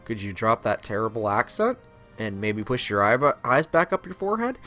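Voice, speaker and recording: A man's voice: lowish voice, very animated, fairly quick, sharp tone, no echo, faint music behind. A man streaming a game playthrough, reading the game's text aloud and adding sarcastic, profane asides.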